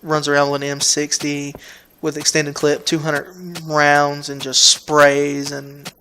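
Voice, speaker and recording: A man with a Southern US drawl talks casually in a slightly high voice, rambling and restarting his sentences as he goes. He sounds laid-back, and a faint hiss sits under the recording. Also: completely flat delivery, slow, sharp tone. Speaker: gaming video host.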